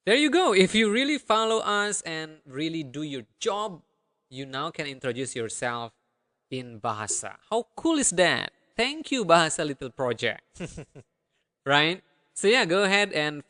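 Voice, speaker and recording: A man teaching a language lesson online, upbeat and repeating phrases slowly for learners to copy. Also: fairly high pitch, pushed and bright, clear, resonant tone.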